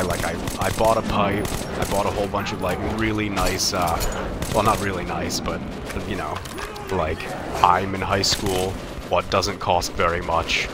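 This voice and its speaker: A young man with a low voice, commenting live over a video game. He rambles and mocks himself, circling back to find his words. Steady noise runs under the recording. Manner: rambling, self-mocking, halting. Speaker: streamer.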